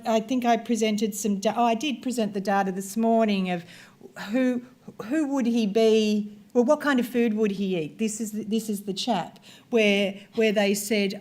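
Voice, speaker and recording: A woman researcher gives a conversational workshop presentation, explaining video examples to the audience as they play. She has a mid-range voice with a somewhat dark tone.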